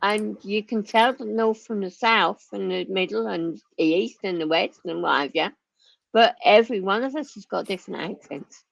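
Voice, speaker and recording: A woman in her sixties with a Lancashire accent chats casually and laughs often. Her pitch sits in the middle. The sound is dry and a little muffled. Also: moderate pace, vocal fry, no room sound. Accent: Lancashire English. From Lancashire, England. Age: 60s. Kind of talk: casual chat.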